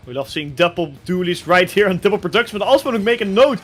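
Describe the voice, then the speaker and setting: A man with a Dutch accent giving lively, excitable play-by-play commentary as an esports caster. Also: high-pitched, very fast, soft background music.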